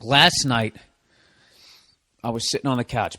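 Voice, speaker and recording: A man's voice: mid-range voice, measured pace, long pauses, fairly bright tone, no room sound. A man hosting a solo comedy podcast, ranting in a profane, sarcastic, rambling way.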